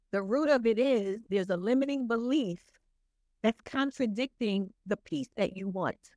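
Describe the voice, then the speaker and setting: A woman with a fairly high voice, talking as a guest on a podcast. She speaks in an earnest, motivational way, urging the listener on. The recording is dry and close. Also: no echo. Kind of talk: casual podcast conversation.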